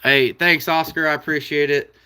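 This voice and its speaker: A man's voice: on the high side, steady tone, moderate pace, bright, forceful tone, clean tone. A man with an American Midwest accent hosting a casual livestream, reading out viewer comments in an easygoing, folksy way with frequent chuckles. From Iowa.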